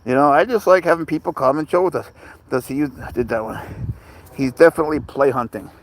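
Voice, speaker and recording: Walking his cat through a park, a man hosts a casual outdoor livestream, talking into a phone. His voice is a little high and fast, with slight background noise, as he rambles and answers viewer questions.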